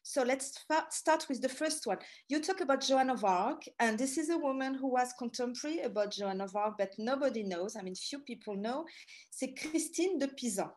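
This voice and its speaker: A middle-aged woman with a French accent gives a chatty talk over a video call. Her voice sits a little high, and she often stops and restarts her sentences. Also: lively intonation, a little mellow. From France. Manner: chatty, halting, many restarts. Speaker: guest speaker, tour guide.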